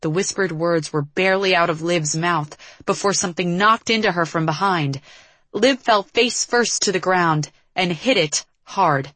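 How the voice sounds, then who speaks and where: A woman narrates a tense story in a measured, dramatic reading. Her voice sits fairly low. The sound is dry and close, with no room echo. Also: fairly bright tone. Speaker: audiobook narrator. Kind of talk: scripted narration.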